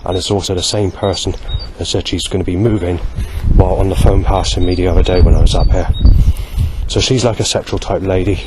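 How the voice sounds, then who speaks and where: A man vlogging a spoken diary outdoors, halting and correcting himself as he goes. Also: low-pitched, fairly even intonation, heavy background noise. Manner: halting, with many restarts and self-corrections. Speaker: vlogger recording a daily log.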